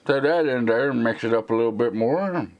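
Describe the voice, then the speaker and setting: Casting: Southern American man, middle pitch, live stream host, rambling and sarcastic, slight slur. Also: a little fast, a little mellow. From United States. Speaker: tech channel host.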